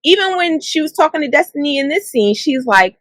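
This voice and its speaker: A woman co-hosting a casual chat that recaps a reality show, reacting in an animated, incredulous way. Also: high-pitched, fairly quick, no echo, rough recording. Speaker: co-host.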